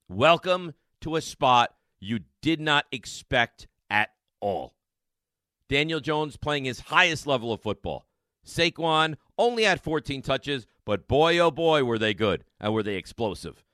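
A man hosting a sports radio show, talking in an emphatic, excitable monologue full of rhetorical questions and repeated lines. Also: mid-range voice, dry recording, clean studio sound.

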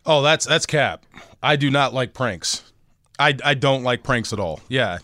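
A man's voice: medium pitch, expressive, unhurried, bright, forceful tone, no echo. A man co-hosting a sports talk show, joking around in a laid-back, playful way in a studio. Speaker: radio co-host, former football player. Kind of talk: casual studio chat. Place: radio studio.

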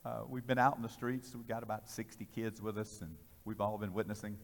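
A man preaching a storytelling sermon, dramatic, swinging between loud bursts and hushed passages. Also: fairly low pitch, fairly even intonation, a little fast. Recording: reverberant hall.

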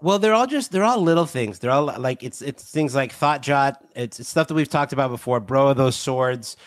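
A man's voice: mid-range voice, expressive, dry recording. A man co-hosting a podcast in casual chat, throwing in jokes and quips. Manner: jokey, quick with quips. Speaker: podcast co-host.

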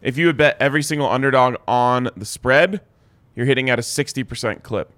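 A young man co-hosting a sports betting show, clearing his throat and saying he is losing his voice as he runs through betting stats. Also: mid-range voice, a little fast, a bit bright. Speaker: sports betting podcast co-host. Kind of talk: casual sports betting chat.

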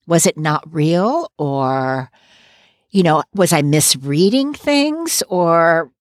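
A woman's voice: sits low, animated, takes it slowly, dry recording, studio quality. A woman co-hosting a podcast recap, talking in an opinionated, casual way and laughing between points. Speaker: podcast co-host.

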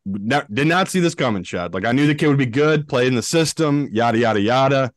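A man from northern England with a northern English accent, co-hosting a betting podcast in a blunt, swearing, animated casual chat. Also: mid-range voice, a little fast, dry recording. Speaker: co-host, professional bettor.

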